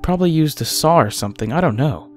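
A man's voice: fairly high pitch, animated, quick pace, faint music behind, voice pushed up, natural voice. A man voicing a blunt male medic who describes injuries in a matter-of-fact way in a horror story reading. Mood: offhand.

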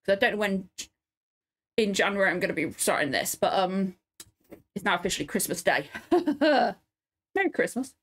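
A woman's voice: medium pitch, animated, moderate pace, pauses often. A woman in tears and sniffling, rambling emotionally and swearing often as she reacts to a TV episode at home. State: tearful and sniffling. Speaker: reaction video host. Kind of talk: casual reaction commentary.

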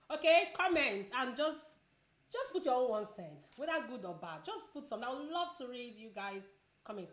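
A woman's voice: on the high side, sing-song, a little fast, echoey room. A woman chatting casually while eating, giving advice and repeating herself a lot. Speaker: vlogger.

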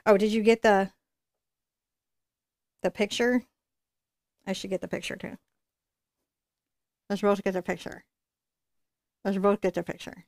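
A woman's voice: medium pitch, fairly even intonation, measured pace, vocal fry, long pauses, darkish tone, no room sound. Chatty woman teaching painting, dry sound. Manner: chatty, encouraging, thinks aloud while working. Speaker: painting instructor. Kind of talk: live painting tutorial.

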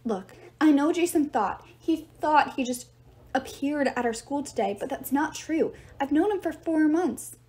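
A woman's voice: high-pitched, lively intonation, a little slow, mellow, voice pushed up. Woman voicing an anxious, insistent teen girl. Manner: pleading and rambling. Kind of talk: audiobook reading.

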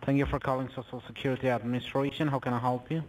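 A man's voice: mid-range voice, level tone, very fast, recorded from a distance, very noisy. A man working a scam call center, politely asking a caller for personal details. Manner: formal scripted, polite.

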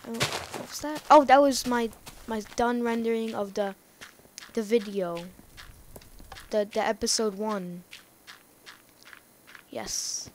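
A woman rambling through casual gameplay commentary, talking excitedly to herself and to the game's characters. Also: on the high side, measured pace, long pauses, slight background noise. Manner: rambling, excitable self-talk to the game. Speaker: let's play gamer.

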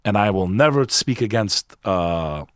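A man's voice: fairly low pitch, lively intonation, a little slow, clean tone, no room sound, studio quality. A man guest on a podcast, telling a personal story in an emphatic, earnest, casual way, often saying "bro". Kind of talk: candid conversational storytelling.

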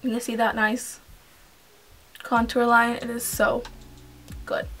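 Chatty young woman with a high voice. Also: monotone, slow pace, a bit bright. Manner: chatty, rambling, uses "like" and "um" often. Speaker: beauty vlogger. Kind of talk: casual makeup tutorial. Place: home.

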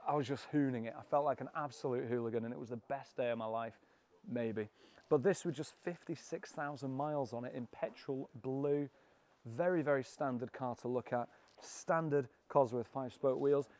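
A man's voice: medium pitch, moderate pace, darkish tone. A British man presenting a walkaround of a classic car auction, enthusiastic, cheeky and full of jokes. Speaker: car vlogger.

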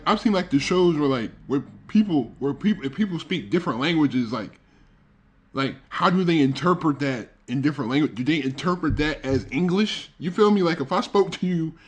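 Rambling man reacting to a clip. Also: on the high side. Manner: rambling, full of "like" and "you know what I'm saying". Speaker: reaction video host. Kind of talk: casual reaction chat.

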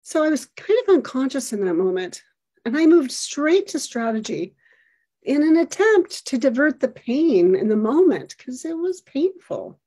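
A middle-aged woman telling a personal story about her son in a reflective, measured, descriptive way. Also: sits high, big pitch swings, mellow.

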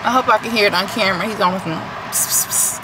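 A woman's voice: medium pitch, fast talker. A young woman chatting casually to her vlog camera while driving in city traffic, sounding a little nervous and laughing between thoughts. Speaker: vlogger. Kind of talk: casual car vlog chat. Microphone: camera on a car tripod. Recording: loud road noise.

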